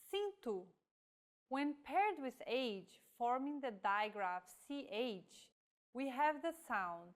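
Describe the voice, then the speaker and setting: Slow, careful woman teaching pronunciation. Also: fairly high pitch, clean tone. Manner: slow, careful, demonstrating example words. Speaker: language teacher. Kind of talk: scripted lesson narration.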